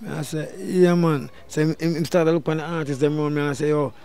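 A man's voice: a little high, fast, clear, resonant tone. A middle-aged Jamaican man, a dancehall deejay, telling a story in an interview and raising his voice to act out what people said. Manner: animated, loud bursts when acting out quotes.

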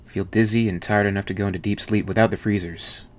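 A man with a low voice voicing a dazed, starving male spaceship crewman in an audiobook-style reading. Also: steady tone, quick pace, lightly acted. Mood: puzzled hungry.

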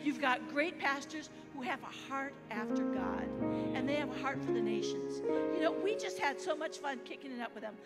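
An American woman preaching as a guest missionary, animated, leading the congregation in call-and-response. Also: high voice, normal speed. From United States. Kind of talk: sermon. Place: large church hall. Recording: church hall reverb with music.

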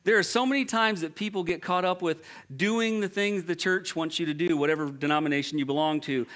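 A man delivers a sermon, reading scripture aloud and stopping to comment on it. His voice sits a little higher than most men's. He talks in a lively way and jokes with the congregation. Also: a little fast. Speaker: pastor.

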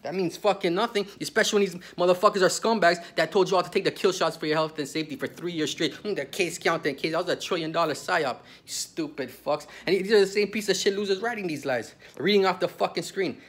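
A man's voice: sits high, quick pace, few pauses, fairly bright tone, husky. A man from Canada telling a story as a heated, profane rant full of street slang.

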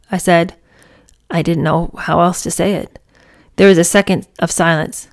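A woman's voice: lowish voice, steady tone, moderate pace, long pauses. A woman reads chapters of a memoir aloud, then stops to share her reactions. She talks in a chatty, enthusiastic way with plenty of fillers between the read passages. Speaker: book reader and reviewer. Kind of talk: memoir reading with casual commentary.

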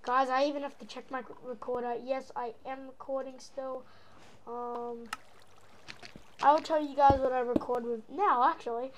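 Speaking at normal speed in a high, steady voice, a female gaming channel host from Australia fakes an American accent over her own. She rambles playfully through her gameplay commentary, making silly noises, with background noise audible.

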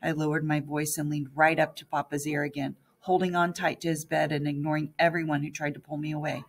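A woman's voice: low-pitched, level tone, fairly quick, creaky, hardly any pauses, slightly rough. A woman narrating an audiobook in the first person as a young girl.

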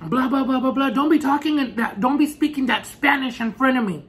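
A man voicing his drunk, jealous ex-boyfriend, shouting and accusing. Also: very high voice, brisk, voice pushed up. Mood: angry.

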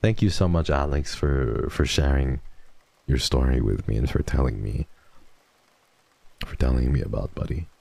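Deep gravelly male streamer, mock-emo. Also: moderate pace, long pauses, no room sound. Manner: mock-emo, swears casually, swings from mumbling to excited squeals. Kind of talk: casual live-stream chat.

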